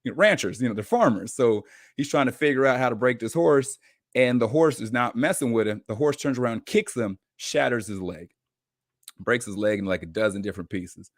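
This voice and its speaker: A man on a podcast as a guest coach, telling a story in an animated, informal way. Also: mid-range voice, fairly quick, no echo, clean studio sound. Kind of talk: casual storytelling.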